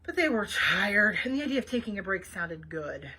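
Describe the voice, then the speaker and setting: A woman reading a children's novel aloud for a library program, expressive and chatty, with small asides to her listeners. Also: mid-range voice, normal speed, breathy edge, low-quality recording. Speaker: library read-aloud host.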